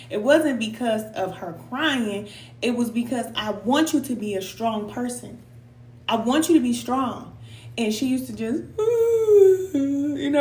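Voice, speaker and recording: A middle-aged woman, hosting a casual spiritual live stream, reading viewers' comments aloud and laughing often in a folksy way. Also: mid-range voice. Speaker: spiritual reader and host. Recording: echoey room with faint hum.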